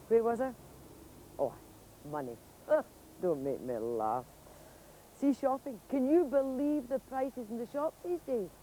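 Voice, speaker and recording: A woman's voice: a little high, very animated, slow, pauses often, warm tone, a little hiss or hum, low-quality recording. A woman with a Scottish accent giving a chatty, mocking comic monologue as a presenter.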